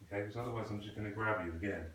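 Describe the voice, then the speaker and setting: A man coaching a student through krav maga drills in a patient, corrective way, often asking questions to make the student think. His voice sits a little low. The sound is captured from some distance, with heavy echo off the walls of the hall. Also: racing, heavy background noise. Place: training hall. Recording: echoey room, voice from a distance.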